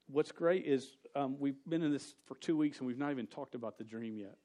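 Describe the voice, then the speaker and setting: A man's voice: medium pitch, warm tone. Joking man preaching a casual sermon. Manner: storytelling, joking, rapid asides.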